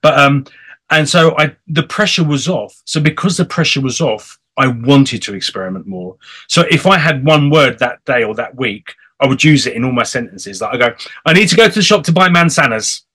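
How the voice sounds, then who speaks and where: An English man hosting an interview show in a casual, chatty way, animated and playful. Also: mid-range voice, moderate pace, husky. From England. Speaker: host. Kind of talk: casual chat.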